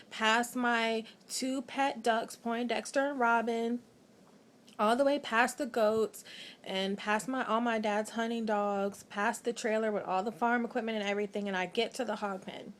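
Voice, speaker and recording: A tired woman telling a personal story late at night, in a chatty, animated way with lots of filler words. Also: a little high, a little hiss or hum. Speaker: vlogger.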